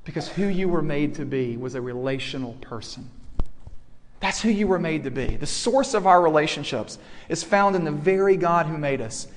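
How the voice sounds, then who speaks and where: A middle-aged man delivers an earnest sermon in a slightly high voice. His words ring with a long reverb, as if spoken in a large hall. He builds steadily toward emphatic, pressing points. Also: animated, normal speed. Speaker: campus ministry pastor.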